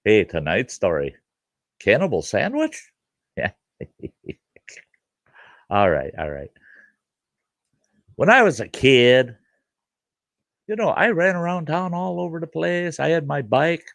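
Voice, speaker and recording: A man's voice: medium pitch, sing-song, takes it slowly, creaky, pauses often, a bit bright, no room sound. A middle-aged man hosting a show and telling a rambling childhood story in a folksy, casual way. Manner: folksy, rambling, with fillers like "you know". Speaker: host and storyteller.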